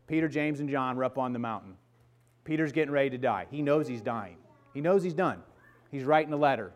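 A man preaching a sermon, earnest and emphatic, mixing casual asides with urgent peaks. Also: fairly quick. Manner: earnest and emphatic, rising to urgent peaks then dropping low; conversational asides with restarts. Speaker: pastor.

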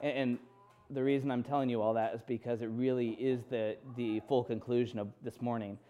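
Mellow, smooth-voiced man preaching. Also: mid-range voice, flat delivery, a little fast, soft background music. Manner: candid storytelling with quoted inner dialogue. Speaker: pastor. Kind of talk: sermon.

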